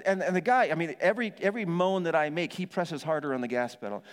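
A middle-aged male pastor telling a dramatic personal story in a sermon, acting out his own shouts and moans. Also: high voice, fast talker, hardly any pauses, big-room sound. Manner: animated storytelling, acts out yelling and moaning.

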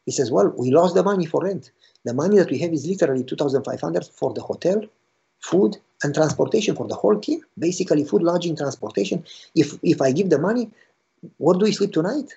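A pastor telling a story in a sermon, animated and acting out the dialogue with a rising voice. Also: male voice, a little high, quick pace, gravelly, breathy edge. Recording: dull lo-fi recording.

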